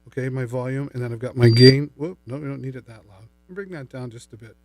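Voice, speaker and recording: A man's voice: medium pitch, brisk, a little mellow, no echo. A middle-aged man hosting a live shopping stream, chatting upbeat and playful as he demos a microphone and mixer. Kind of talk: live-stream product demo. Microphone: studio microphone through a mixer.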